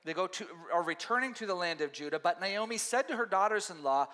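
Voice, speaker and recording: Animated high-voiced male pastor. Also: quick pace, few pauses. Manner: conversational, animated, acts out quotes. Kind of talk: sermon. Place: church sanctuary. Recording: long hall reverb.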